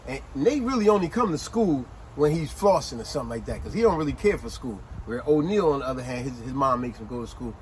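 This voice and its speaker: Animated man telling a story in street slang. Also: mid-range voice, fast talker, few pauses, a little hiss or hum, low-quality recording. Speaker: host. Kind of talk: casual book review chat.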